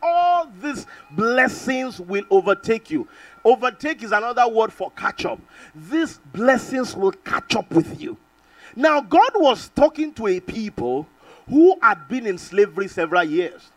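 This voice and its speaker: A middle-aged man from Nigeria preaching a sermon, telling a personal testimony with animated storytelling and calls for amen. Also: high-pitched, moderate pace, no room sound, distant mic, poor audio. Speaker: pastor.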